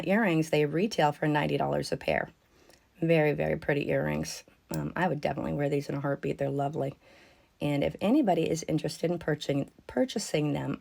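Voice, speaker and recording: A woman's voice: low voice, creaky, a little mellow. A woman chatting casually to her viewers as she unboxes and shows off jewelry at home, gushing over the pieces.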